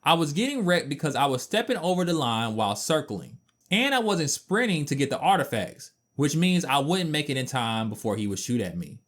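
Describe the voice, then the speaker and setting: Man, game review voice-over, lively up-and-down delivery, slightly high voice, playful asides. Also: brisk. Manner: animated, playful asides and mock outrage.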